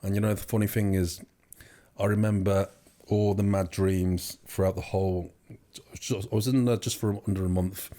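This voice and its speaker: A man's voice: low-pitched, flat delivery, normal speed, warm tone. A young man telling his story as an interview guest, rambling with many fillers and restarts. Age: young adult. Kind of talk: casual storytelling.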